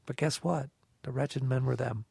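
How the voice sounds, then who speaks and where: A man co-hosting a scripture reflection, telling a personal story in a lively way and acting out the dialogue. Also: medium pitch, normal speed, vocal fry, breathy edge, no room sound, studio quality. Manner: animated storyteller, acts out dialogue. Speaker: co-host of a scripture reflection show. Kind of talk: conversational faith reflection.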